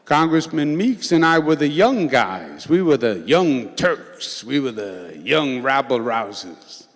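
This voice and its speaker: A man's voice: mid-range voice, sing-song, slow. A middle-aged man with a Queens New York accent, giving an informal, joking political speech to a church congregation. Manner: joking, conversational, with filler "uh"s. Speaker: governor speaking to a congregation. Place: large church sanctuary. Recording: long hall reverb, faint crowd.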